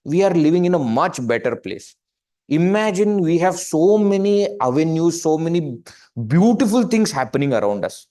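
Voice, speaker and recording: A man with an Indian English accent, a spiritual teacher giving a conversational webinar talk, animated and full of rhetorical questions and acted-out examples. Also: a little high, moderate pace. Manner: animated, acts out questions and quoted people. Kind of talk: webinar talk on joyful living.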